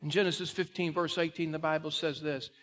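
A male pastor preaching a sermon in a folksy way that builds to loud, emphatic climaxes. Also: fairly high pitch, flat delivery, a little fast.

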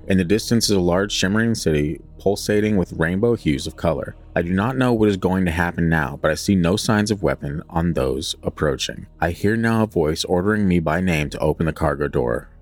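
A man co-hosting a casual podcast, reading a flight log aloud in a deadpan voice and joking between passages. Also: low voice.

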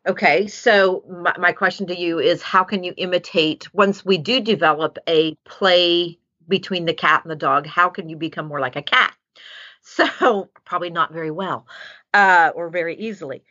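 Animated woman giving dog-training advice. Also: lowish voice, moderate pace. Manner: animated, acts out dog voices. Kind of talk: casual advice chat. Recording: dull lo-fi sound.

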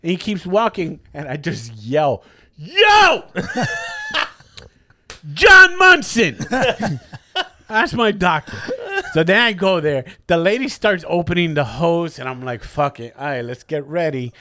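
Speaking at a moderate pace in a slightly high voice, a male podcast host recounts a story in a loose, profane way. He animates it by playing the characters' voices himself, and there's no room sound in the recording.

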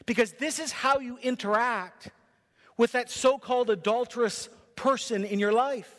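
A pastor delivers his sermon in short, rhythmic, emphatic bursts. His voice sits high for a man. The sound carries the long reverb of a big church hall. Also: moderate pace, fairly bright tone. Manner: emphatic, punchy preaching in short rhythmic phrases. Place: church sanctuary.

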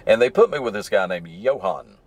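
Low-voiced man with a mild Southern accent. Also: expressive, fairly quick, darkish tone. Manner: rambling, easygoing, digressive. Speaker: podcast host. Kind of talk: casual solo storytelling while driving. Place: in his truck stuck in traffic.

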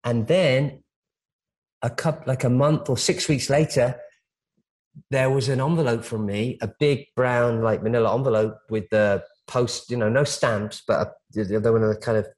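A man in casual interview chat, recounting anecdotes at length. He circles back, restarts phrases and leans on fillers as he goes. His pitch sits in an ordinary middle range. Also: fairly even intonation, normal speed, darkish tone, poor audio. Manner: rambling, storytelling with frequent restarts and fillers. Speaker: celebrity stylist, guest.

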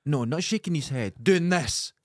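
Lively Scottish man telling a story. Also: fairly high pitch, moderate pace, no echo, studio quality. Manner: animated, emphatic, swears freely. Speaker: podcast host. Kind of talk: comic storytelling. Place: studio.

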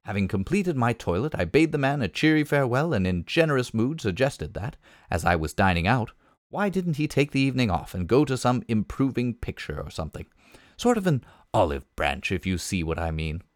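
Expressive man reading a comic novel. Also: mid-range voice, fairly quick, no room sound, clean studio sound. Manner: lively, expressive storytelling. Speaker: reader.

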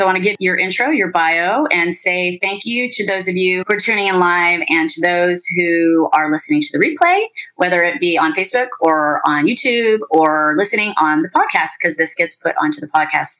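A woman's voice: on the low side, fairly bright tone, poor audio. A woman hosting a marketing podcast, chatting casually and upbeat with her guest and laughing often. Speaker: podcast host. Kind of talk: casual interview chat.

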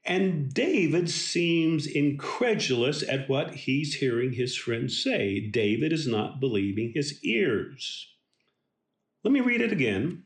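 Man, devotional Bible teaching, slow and deliberate, emphatic, roomy echo. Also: medium pitch, sing-song. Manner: slow, emphatic, earnest delivery.

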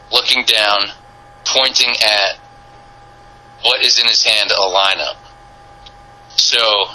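A man telling a story as a guest on a podcast, animated and casual, with plenty of fillers and the odd curse. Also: mid-range voice, low-quality recording. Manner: animated, lots of fillers and swearing. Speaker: podcast guest, sports content creator.

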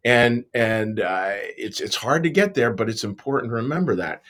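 A man giving a relaxed, conversational devotional talk, earnest and often repeating his words as he goes. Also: mid-range voice, moderate pace. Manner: earnest, repeats words, self-deprecating asides.

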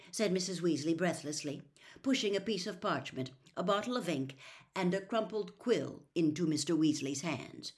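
Female storyteller with a lowish voice, steady plain read-aloud narration. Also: normal speed. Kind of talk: reading a novel aloud.

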